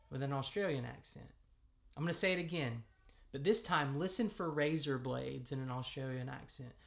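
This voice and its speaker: A man's voice: mid-range voice, animated, measured pace, gravelly. An American man with an American accent, preaching a conversational sermon as a pastor and reading scripture aloud. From United States. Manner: conversational preaching with emphatic rises.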